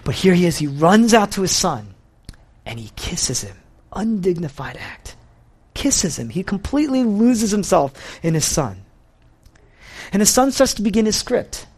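A man preaching a sermon in a fairly high voice. His pitch swoops up and down all the time as he tells the story with animation. He often says key phrases twice to drive them home. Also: sing-song, unhurried, darkish tone, husky.

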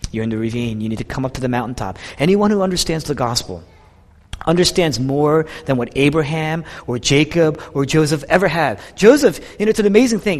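A man preaching a sermon, swinging between loud, emphatic peaks and hushed near-whispers. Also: mid-range voice. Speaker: pastor. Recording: long hall reverb.

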